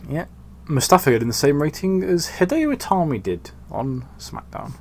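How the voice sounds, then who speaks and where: A man hosting a casual gaming commentary, dry, deadpan and sweary. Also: on the high side, normal speed, slight background noise. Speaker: host.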